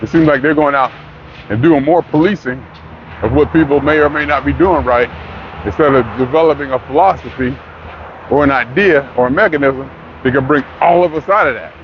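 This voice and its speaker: A man's voice: mid-range voice, fairly quick, dull audio, slight background noise. Man rambling through a loose monologue. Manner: rambling, self-questioning, restarts often; slips into mocking put-on voices. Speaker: vlogger. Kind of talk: casual monologue.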